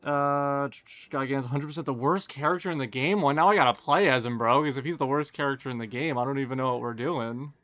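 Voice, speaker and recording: A young man, streaming a game live and chatting casually and quickly with his viewers, joking at his own expense. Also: medium pitch, a bit bright, dry recording. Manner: fast, casual, self-deprecating chatter. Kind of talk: live gameplay commentary and chat Q&A.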